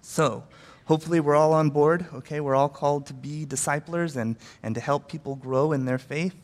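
A man's voice: on the high side, steady tone, moderate pace, big-room sound. A man preaching a sermon in a casual, conversational way, often acting out quotes and using fillers. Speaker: pastor.

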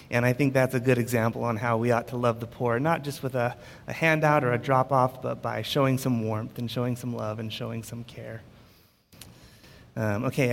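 Male preacher, conversational sermon, storytelling, mid-pitched voice, reverberant hall. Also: gravelly.

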